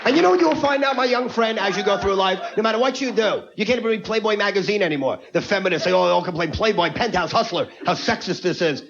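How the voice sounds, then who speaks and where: A man's voice: high-pitched, animated, gravelly, crowd noise. A man doing a brash, ranting stand-up comedy set on stage before a live audience. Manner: brash, rapid-fire, ranting. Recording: lo-fi TV broadcast with audience.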